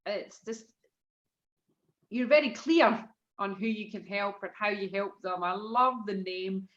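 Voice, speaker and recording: A woman hosting a casual interview, asking questions enthusiastically and pausing on fillers. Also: mid-range voice, a bit bright, muffled recording. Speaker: host.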